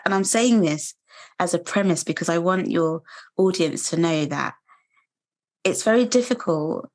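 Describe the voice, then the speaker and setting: A British woman in her thirties speaks as an interview guest, earnest and reflective. Her voice sits a little low. She talks in a measured, steady way. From United Kingdom. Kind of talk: personal testimony interview.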